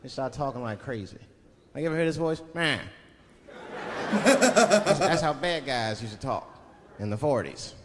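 A male stand-up comedian telling a story on stage, animated and full of funny voices, recorded live in a theater. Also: medium pitch, moderate pace, pauses often, long reverb tail, a loud crowd. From Washington, D.C. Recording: live stand-up with loud audience.

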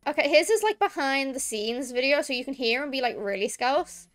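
A woman's voice: high voice, expressive, brisk, fairly bright tone, faint music behind. A woman with a Liverpool accent, chatting in a rambling, emphatic way as she streams a game. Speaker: VTuber streamer. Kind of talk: casual gameplay chat.

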